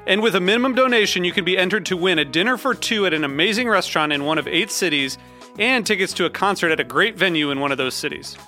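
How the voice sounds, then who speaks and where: A man reads a donation appeal in a high, bright voice. The delivery is earnest and read aloud. Soft guitar plays behind him. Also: lively intonation, fast. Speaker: radio network announcer. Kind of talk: scripted fundraising appeal.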